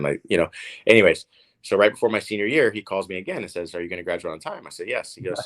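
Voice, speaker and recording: A man in his thirties with a deep, low voice, guesting in a relaxed interview. He is from Oklahoma and tells his stories in a rambling way, full of fillers and restarted words. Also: very fast. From Oklahoma, USA. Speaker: guest, professional tennis player. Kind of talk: casual storytelling interview.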